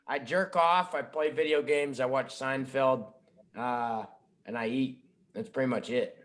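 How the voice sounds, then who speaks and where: A man's voice: medium pitch, fairly even intonation, measured pace, fairly bright tone. A man chatting casually and profanely on a podcast, joining by webcam. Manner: profane, joking. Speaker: podcast co-host. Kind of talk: casual chat. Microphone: video call webcam.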